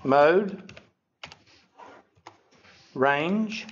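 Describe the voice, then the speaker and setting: A male teacher lectures a class in a folksy, self-deprecating way, checking in with "okay?" again and again. His voice sits a little high. The recording is dull and lo-fi. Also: animated, extremely slow. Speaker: statistics teacher.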